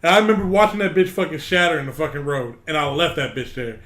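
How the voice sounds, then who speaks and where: Profane, animated man in a roomy space. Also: a little high, fast. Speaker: podcast co-host. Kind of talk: casual chat. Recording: roomy echo.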